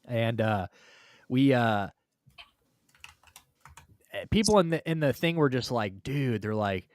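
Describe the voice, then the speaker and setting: Profane, ranting sports stream host. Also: male voice, mid-range voice, lively intonation, slow, dry recording. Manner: rambling, profane, heated ranting. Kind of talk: casual sports talk livestream.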